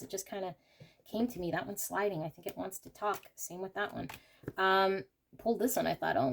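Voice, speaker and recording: An emphatic woman reads tarot cards for her viewers, slipping into passionate rants and checking in with a frequent "okay". Her voice sits at an ordinary middle pitch, and she keeps talking straight through her thoughts. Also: gravelly, slight background noise. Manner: emphatic, ranting, rapid asides; frequent fillers like "okay" and "here". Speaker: tarot reader. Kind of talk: intuitive tarot reading to camera.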